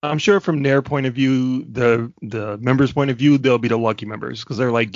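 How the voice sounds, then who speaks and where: A man's voice: mid-range voice, a little fast, no room sound, muffled recording. A man co-hosting a podcast, chatting in an easygoing, amused way. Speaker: podcast co-host. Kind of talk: casual chat.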